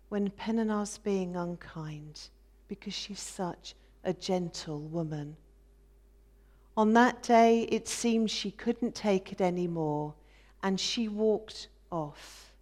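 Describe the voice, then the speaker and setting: A woman's voice: mid-range voice, darkish tone. A woman voicing a tender, devoted husband. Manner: tender, wistful storytelling. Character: gentle loving husband, middle-aged man. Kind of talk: biblical dramatic monologue.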